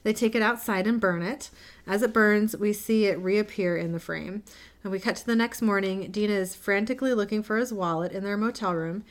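Laughing woman recapping a show. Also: medium pitch. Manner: lively, laughing, quotes characters in quick asides. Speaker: podcast co-host recapping a TV episode. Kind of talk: casual chat, recapping.

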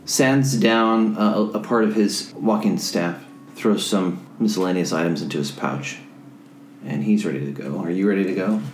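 A man's voice: sits low, normal speed, a little hiss or hum. Man narrating as game master, roomy sound.

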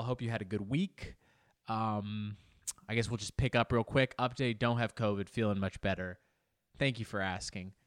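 A man hosting a casual solo podcast from his home office, chatty and playful, with jokey asides, his voice a bit congested. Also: on the low side. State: slightly congested. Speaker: podcast host.

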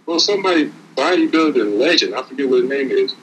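A man's voice: mid-range voice, animated, fast, few pauses, a bit bright, low-quality recording. A man giving casual, streetwise motivational talk as a podcast co-host, preaching and repeating words as he builds each point.

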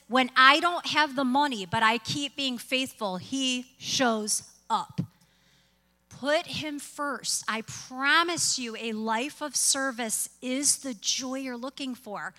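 A woman pastor preaching a sermon in earnest, slow, emphatic phrases with stories. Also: high-pitched, pushed and bright, in a large hall. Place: church.

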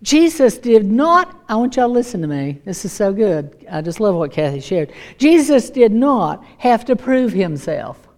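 A woman's voice: mid-range voice, very animated, moderate pace, hardly any pauses, darkish tone. A woman preaching a sermon, emphatic and repeating her key lines.

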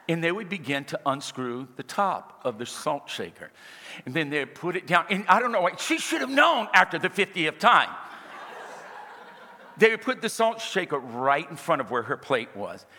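A man's voice: a little high, pushed and bright, big-room sound, a little hiss or hum. A man preaching a sermon, telling funny stories and rising into emphatic exhortation to his congregation. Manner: humorous storytelling building to emphatic exhortation.

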